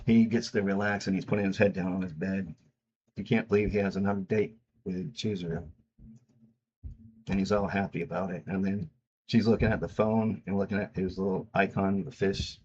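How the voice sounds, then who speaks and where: A man's voice: low-pitched, a little mellow, husky, lo-fi sound. A man casually retelling comic chapters in a loose, rambling way, stringing events together. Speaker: comic recap host.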